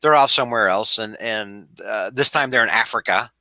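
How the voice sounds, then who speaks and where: A man's voice: on the low side, normal speed, bright, forceful tone, dry recording, poor audio. A man hosting a casual podcast chat, rambling with many restarts and laughing at his own jokes. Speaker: podcast host.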